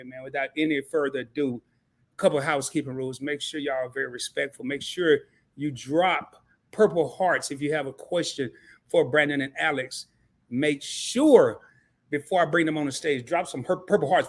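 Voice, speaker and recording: A man hosting a live stream in a chatty, rambling way, hyping up his audience. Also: fairly high pitch. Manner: chatty, rambling, repeats himself, hypes the audience.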